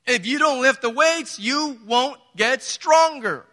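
A man's voice: very high voice, animated, slow pace, sharp tone. A man preaching a sermon as pastor, emphatic and conversational, asking his listeners rhetorical questions. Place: church sanctuary. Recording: reverberant church hall.

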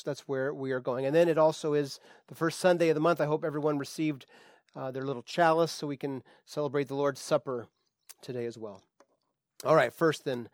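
A male pastor giving a relaxed, conversational sermon, chatty, with frequent fillers and restarts. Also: on the high side, no room sound, clean studio sound.

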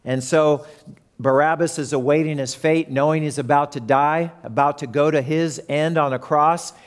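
A man's voice: fairly high pitch, steady tone, moderate pace. A man preaching a sermon who retells the story and acts out the crowd and characters.

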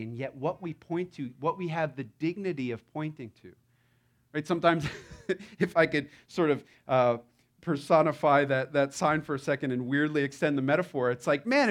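A man's voice: fairly high pitch, a bit bright. A man preaching a sermon in a conversational, playful way, often acting out the lines he quotes. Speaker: pastor.

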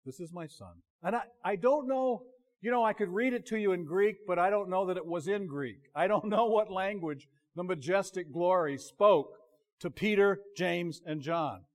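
High-voiced conversational preacher. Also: male voice, normal speed. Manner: conversational, self-interrupting, drops to quiet emphasis. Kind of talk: sermon.

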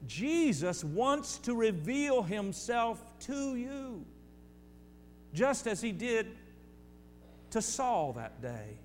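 A man's voice: very high voice, sing-song, extremely slow, pauses often. A male pastor delivering a sermon, preaching emphatically with repeated phrases and speaking directly to his congregation. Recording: long hall reverb with faint hum.

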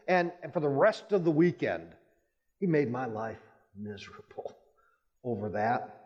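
A man's voice: animated, unhurried, pauses often. A pastor giving a sermon, telling personal stories with emphatic rises in his voice. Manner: storytelling, emphatic rises in pitch. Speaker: Baptist pastor. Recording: muffled church hall with long reverb.

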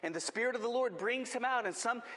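A man's voice: very high voice, fast talker, bright, forceful tone, long reverb tail. A man preaching a sermon as pastor, with impassioned, rising emphasis.

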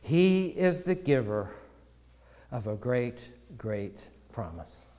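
A man preaching a sermon as pastor, slow and measured, sometimes repeating words. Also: mid-range voice, very animated, warm tone, slight background noise. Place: church sanctuary. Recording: long church reverb.

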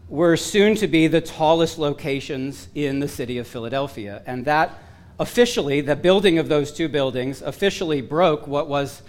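A man delivering a sermon in a voice pitched a little above the usual for men. He presses his points earnestly and with rising emphasis, slipping in bits of wry humor, and his voice is wearing hoarse. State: losing his voice. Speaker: preacher.

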